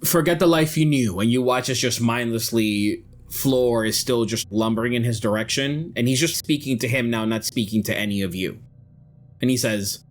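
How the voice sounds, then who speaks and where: A man narrating a tabletop role-playing game as its game master, in a measured, descriptive way. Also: mid-range voice.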